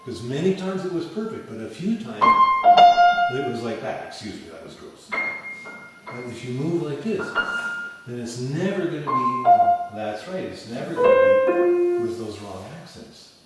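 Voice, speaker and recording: Animated male piano teacher in echoey hall. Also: medium pitch, measured pace, distant mic. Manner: animated, sings phrases as "da da da". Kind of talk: lecture and demo lesson. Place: large echoey hall with an audience. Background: piano playing.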